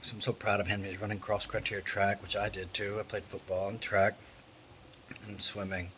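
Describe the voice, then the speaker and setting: A man's voice: fairly low pitch, little pitch movement, moderate pace, fairly bright tone, slight background noise, low-quality recording. Candid man vlogging at home. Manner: rambling, candid, conversational. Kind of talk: casual vlog monologue. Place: indoor room with an electric fan.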